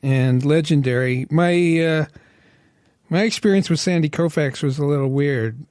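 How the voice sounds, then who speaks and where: A man's voice: fairly high pitch, moderate pace, darkish tone, clear, resonant tone, no echo, studio quality. A man from Los Angeles, co-hosting a podcast, telling stories in a chatty, laughing way. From Los Angeles, USA. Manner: chatty storyteller who laughs often. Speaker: podcast co-host. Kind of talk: casual podcast chat.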